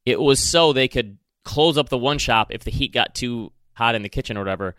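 A man's voice: mid-range voice, brisk, fairly bright tone, clean tone, dry recording, clean studio sound. A man with a Michigan accent co-hosting a podcast, giving his opinions in casual, chatty talk. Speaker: podcast co-host. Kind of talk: casual chat.

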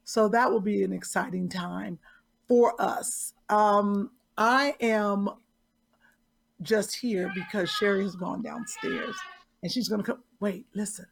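Gravelly-voiced teasing woman co-host. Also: mid-range voice, expressive, slow pace. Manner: playful, teasing banter. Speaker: podcast co-host. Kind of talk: casual chat.

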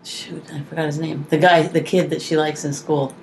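A woman with a low voice co-hosts a comedy podcast. She tells family stories quickly and mimics her daughter's lines. Faint room noise sits behind her. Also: flat delivery, vocal fry, rough recording. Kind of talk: casual comedic chat.

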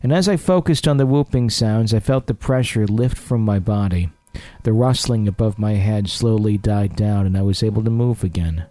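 Low-voiced male podcast host. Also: dark tone, no echo. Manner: jokey, teasing. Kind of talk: reading listener stories and casual banter.

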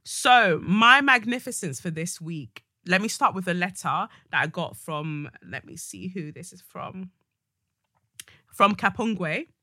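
A woman hosting a solo podcast, blunt, outspoken and sweary, with sudden loud bursts of emphasis. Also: lowish voice, lively intonation, unhurried, dry recording, studio quality. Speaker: podcast host. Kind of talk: casual solo podcast monologue.

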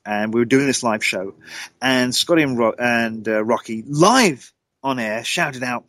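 A man, a guest telling an eerie personal story in a lively, dramatic way. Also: unhurried, dry recording, poor audio. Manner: lively, dramatic storyteller with sudden pitch jumps. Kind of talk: animated anecdotal storytelling.

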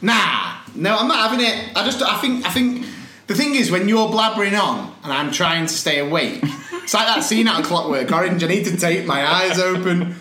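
A man's voice: high-pitched, animated, normal speed, bright, forceful tone. A young man co-hosting a podcast, chatting casually and laughing often as he tells a story. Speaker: podcast co-host. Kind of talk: casual banter. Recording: echoey room.

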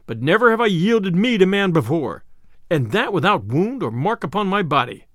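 A merry, sly outlaw, as a man voices him, laughing and bold, with a lively, swinging voice. His lines ring loud and playful in a dry, close recording. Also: high voice, normal speed, no echo, full character voice. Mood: defiant. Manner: jaunty, boisterous.

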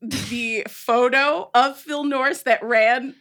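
A woman's voice: high voice, steady tone, slow, a bit bright. A woman guest on a podcast, chatting casually and laughing.

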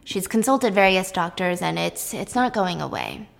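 A woman voicing a calm, logical older woman professor while retelling a film. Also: lowish voice, normal speed, gravelly. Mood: earnest. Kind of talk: quoting film characters in a recap.

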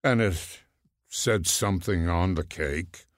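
A man in his nineties, a guest in casual chat, telling stories slowly and haltingly. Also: low-pitched, no echo, clean studio sound. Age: 90s. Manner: slow, halting storyteller. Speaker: guest, cartoonist.

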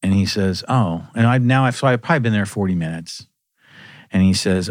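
Deep-voiced man telling rock stories. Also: brisk, no room sound, clean studio sound. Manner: animated storyteller who laughs through his anecdotes. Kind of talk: casual storytelling conversation.

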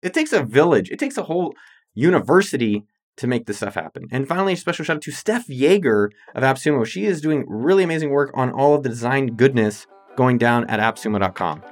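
A man's voice: medium pitch, expressive, quick pace, dry recording, studio quality, faint music behind. A man hosting his own podcast, talking in an upbeat, playful, salesy way. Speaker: podcast host. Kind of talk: energetic solo podcast talk.

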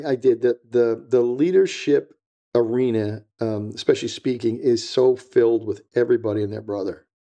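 A muffled recording captures a retired DEA agent's dark-toned, mid-range voice as he guests in a casual interview. He rambles and repeats himself, stays blunt, and acts out the voices of people in his stories.

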